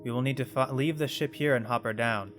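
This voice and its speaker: Reading game dialogue aloud, a man named Six plays a polite and formal male-voiced robot servant, courtly in manner, calling the listener "mistress" with a half-attempted accent. His natural, medium-pitched voice is brisk and a bit bright, with faint music behind it.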